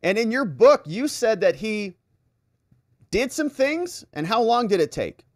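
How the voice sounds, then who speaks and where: A man's voice: mid-range voice, big pitch swings, moderate pace, a little mellow, dry recording, studio quality, natural voice. A man quoting a blunt male defense attorney, read in a pressing, sarcastic tone.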